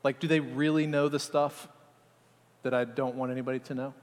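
A man preaching a sermon to a congregation, animated and acting out little scenes as he talks. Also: mid-range voice, a little fast. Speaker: pastor. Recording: long hall reverb.

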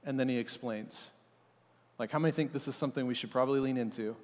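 A man preaching a sermon as pastor, telling the story in a lively, casual way and voicing the disciples in everyday speech. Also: medium pitch, quick pace, in a large hall.

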